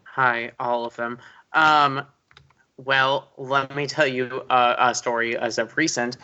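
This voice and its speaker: Animated storytelling male podcast host. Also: takes it slowly, clear, resonant tone, lo-fi sound. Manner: animated storyteller, jumps into high squeaky quotes. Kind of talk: casual podcast chat.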